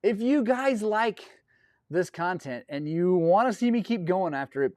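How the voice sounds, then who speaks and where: A man talks casually on a live stream, rambling and effusive as he thanks his viewers again and again. His voice sits a bit high. The sound is dry and close to the mic. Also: animated, normal speed, a little mellow, no echo. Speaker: host of a dirt bike live stream.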